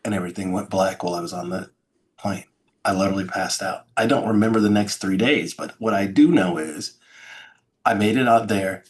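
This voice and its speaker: A middle-aged man telling his story as an interview guest, acting out sounds and quoted lines with dramatic flair. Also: low voice. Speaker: podcast guest, keynote speaker.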